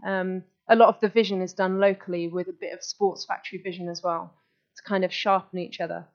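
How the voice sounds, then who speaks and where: A woman's voice: on the low side, flat delivery, brisk. A woman giving an enthusiastic, chatty live talk to an audience as a guest speaker, restarting her sentences as she goes. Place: meeting room with audience. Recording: dull lo-fi live recording.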